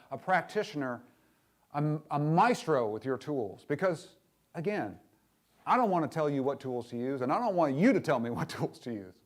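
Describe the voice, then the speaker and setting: Conversational male minister, soft and candid. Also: fairly high pitch. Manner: candid, conversational, often questions the congregation; drops to a soft, hushed voice in tender passages. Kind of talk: sermon.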